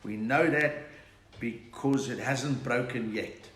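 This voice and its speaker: Broadcasting a live stand-up chat from his lockdown home, this older South African comic tells jokes and reads out comments from viewers. He talks slowly and chattily, in a medium pitch with a fairly bright tone. The room sounds echoey.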